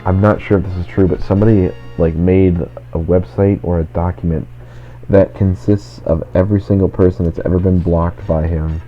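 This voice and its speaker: A man's voice: sits low, fairly even intonation, moderate pace. A man chatting casually while playing a video game, rambling and filling his talk with "like". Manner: rambling, constant "like" fillers. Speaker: let's play host. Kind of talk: casual gaming chat. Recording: dull lo-fi recording. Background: faint game music.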